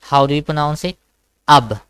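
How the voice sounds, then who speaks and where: A man's voice: a little high, moderate pace, fairly bright tone, clean tone, no echo. Patient man teaching Quran reading. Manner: patient, repetitive, checks understanding with "okay?". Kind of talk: online one-to-one reading lesson. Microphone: video call.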